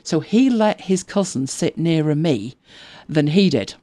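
A woman's voice: deep voice, animated, measured pace, dark tone. A woman in her fifties hosting a podcast in casual, rambling chat, laughing often and now and then dropping to a whisper. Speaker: podcast co-host.

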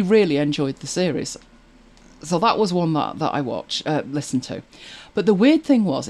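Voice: mid-range voice, a little mellow. A podcast co-host chatting casually, rambling along with many fillers and restarts. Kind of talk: casual chat about audiobooks.

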